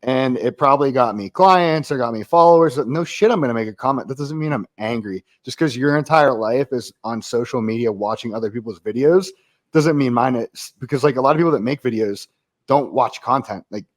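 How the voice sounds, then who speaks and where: Male podcast guest, ex-Marine, mid-pitched, blunt and profane, casual. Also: fairly quick. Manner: blunt, profane, laughs easily.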